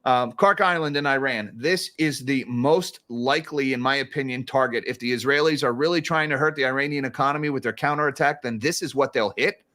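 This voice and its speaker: A man's voice: medium pitch, a little fast, few pauses, pushed and bright. Chatty, sarcastic man talking markets. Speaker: financial commentary host. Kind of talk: casual livestream market commentary.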